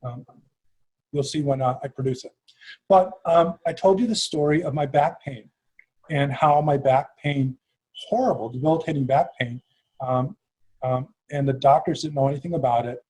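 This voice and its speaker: A middle-aged man with a Chicago accent hosts an interview in a slightly higher, husky voice. He talks with animated energy, breaking off and restarting his sentences as he thinks aloud. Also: moderate pace, poor audio. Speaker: host. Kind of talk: interview conversation.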